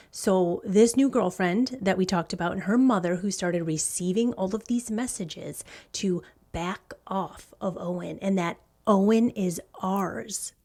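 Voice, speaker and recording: A woman's voice: on the low side, warm tone. Brief: middle-aged woman host, casual true-crime storytelling, blunt and outspoken. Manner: blunt, indignant, swears freely. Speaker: podcast host.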